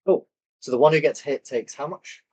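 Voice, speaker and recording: A man narrating as dungeon master in a relaxed, matter-of-fact way. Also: a little high, normal speed, highs cut off. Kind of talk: narrating a tabletop game.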